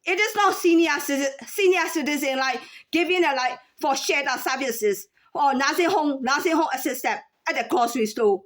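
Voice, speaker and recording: A woman in her thirties or forties speaking in a casual unscripted monologue, halting with many fillers and restarts. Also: high voice, a bit bright. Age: 30s to 40s. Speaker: former store employee.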